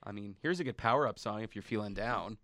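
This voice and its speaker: A man's voice: fairly low pitch, fast, background noise. A man hosting a radio show in a studio booth, chatting casually in a rambling, teasing way.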